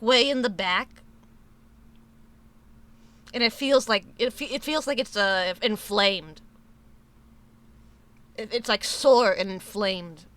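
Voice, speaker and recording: A woman's voice: fairly high pitch, bright, forceful tone. A woman streamer chatting casually with her viewers, swearing a lot and restarting sentences as she rambles about a sore tooth. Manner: profane, rambling, many restarts. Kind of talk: casual live-stream chat.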